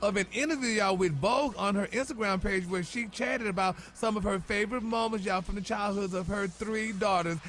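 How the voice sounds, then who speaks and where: A man's voice: sits high, fairly bright tone. A man delivering celebrity gossip on morning radio in a sassy, chatty way, tossing in "honey" and "y'all" all the time.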